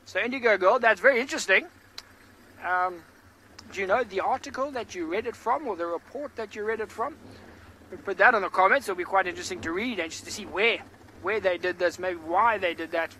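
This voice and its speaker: Bright-voiced man guiding a live safari. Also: high voice, brisk, slight background noise, poor audio. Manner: chatty, answering viewer comments. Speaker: safari guide. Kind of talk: live game drive commentary. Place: outdoors in a safari vehicle.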